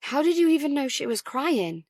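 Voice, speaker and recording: A woman's voice: high voice, sing-song, moderate pace, a little mellow, no room sound, studio quality, pitched above the performer's own voice. A woman voicing a flustered, exhausted young mother in whispered role-play, defensive and stumbling over her words.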